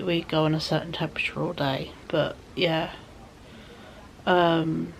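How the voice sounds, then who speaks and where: A woman chats to camera at home, slow and unhurried, with a gravelly fry in her voice. She sounds tired and rambles softly, often sinking into a whisper. Faint room ambience sits behind her. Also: deep voice, a little hiss or hum. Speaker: vlogger. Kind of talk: casual chat to camera.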